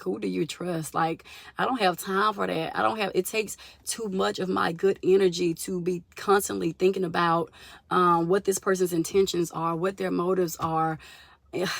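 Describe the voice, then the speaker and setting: A young woman telling a story to her viewers in a casual, animated vlog, addressing them as y'all. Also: on the low side, creaky, dry recording. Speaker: vlogger.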